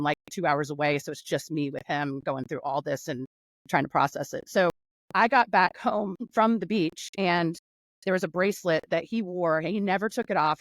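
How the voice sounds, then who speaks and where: A woman from North Carolina, speaking as a guest in a casual interview over a video call, telling a long story with laughs and quick restarts. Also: on the low side, dry recording, rough recording. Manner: animated, laughing, rambling storytelling.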